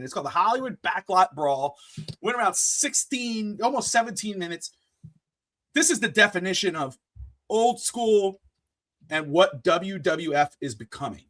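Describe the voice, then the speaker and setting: A man co-hosting a podcast, chatting with an excitable, animated delivery. His voice sits high and sounds bright and sharp. The recording is dry and close. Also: no room sound. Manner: excitable, animated, with playful bursts. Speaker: podcast co-host. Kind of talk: casual wrestling podcast chat.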